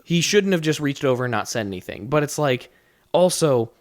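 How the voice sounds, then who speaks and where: A man's voice: fairly high pitch, lively intonation, a little fast, no room sound. A young man co-hosting a podcast, telling a work story in casual chat with lots of swearing and rambling restarts. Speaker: podcast co-host.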